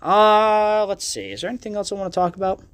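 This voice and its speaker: A young man with a fairly high, very animated voice, ranting with constant profanity on his solo podcast. His talk is loose, joking and self-deprecating, and it jumps around as he goes. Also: a little fast, smooth. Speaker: podcast host and magician. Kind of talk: casual solo podcast rant. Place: art gallery.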